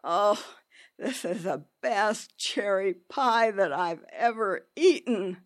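A woman quoting her easygoing, gently teasing husband in a plain, matter-of-fact way, a little higher than her own talk. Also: lively intonation, takes it slowly, full character voice.

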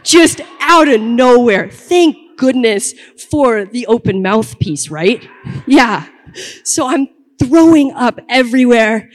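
A woman's voice: a little high, animated, slow pace. A young woman telling a personal story to an audience in a conversational, comic way that builds to punchlines. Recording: long hall reverb.

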